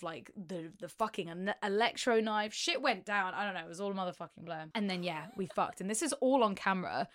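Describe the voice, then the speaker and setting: A woman in her thirties co-hosting a podcast, telling stories in a frank, excitable, profane way. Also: on the low side. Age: 30s. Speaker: podcast co-host. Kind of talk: frank casual chat.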